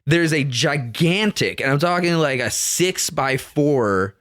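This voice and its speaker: A man co-hosting a podcast, telling long, profane, animated stories in casual chat. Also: fairly high pitch, slow, no echo, clean studio sound. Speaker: podcast co-host.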